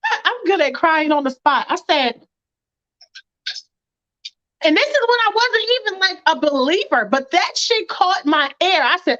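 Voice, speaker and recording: A woman chatting casually on a podcast, telling stories with lively acted-out reactions. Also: extremely high pitch, a little slow, long pauses, no echo. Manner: animated storytelling, acts out her own reactions. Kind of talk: casual chat. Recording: muffled lo-fi audio.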